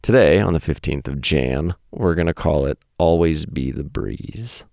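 A man's voice: a little slow, a little mellow, no room sound, clean studio sound. A man in his thirties reading his own essay to listeners in a casual, wry, self-deprecating way, with blunt asides. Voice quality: very deep gravelly voice. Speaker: podcast host reading his weekly writing.

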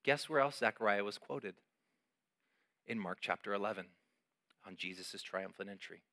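A middle-aged man preaching a sermon as pastor, emphatic and animated, with sudden loud peaks. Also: lowish voice, normal speed.

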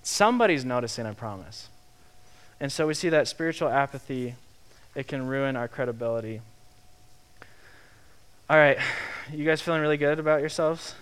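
A young man preaching a sermon in a lively, conversational way, acting out the quotes he tells. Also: mid-range voice, moderate pace, pauses often, clean tone. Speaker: pastor.

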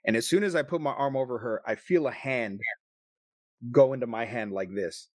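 A man's voice: medium pitch, no echo. Profane storytelling man, dry sound. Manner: emotional, profane, quick bursts. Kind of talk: casual storytelling.

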